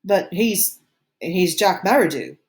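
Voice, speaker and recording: A woman's voice: fairly low pitch, animated, takes it slowly, pitched above the performer's own voice. A woman doing a cautious, earnest boy leader.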